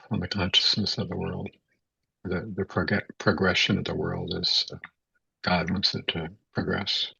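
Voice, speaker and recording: A man giving a spiritual talk as a teacher, speaking haltingly with many repeated words and fillers. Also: low-pitched, creaky, fairly bright tone, breathy edge, no echo. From United States. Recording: dull, dry, lo-fi sound.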